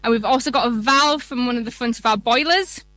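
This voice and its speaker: A woman's voice: a little high, a little fast, pushed and bright, no room sound. A woman with a Yorkshire accent, a museum guest explaining things in a chatty live radio interview outdoors. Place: outdoor event.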